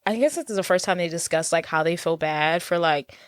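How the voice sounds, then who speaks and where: A woman's voice: on the low side, brisk, smooth, no room sound, clean studio sound. A woman co-hosting a movie recap podcast, chatting in an easygoing way and laughing along. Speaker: podcast co-host. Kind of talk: casual movie-recap chat.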